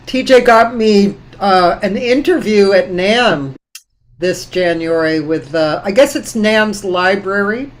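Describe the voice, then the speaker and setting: A woman hosting a casual live interview, asking questions in a halting way full of fillers. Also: mid-range voice. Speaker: host.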